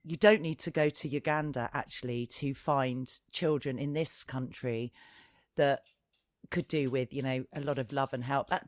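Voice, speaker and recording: A woman's voice: low voice, dry recording, studio quality. A woman in her forties from London with a Southern English accent, telling a rambling story as a podcast co-host. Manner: rambling, animated, laughing storyteller. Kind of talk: casual chat.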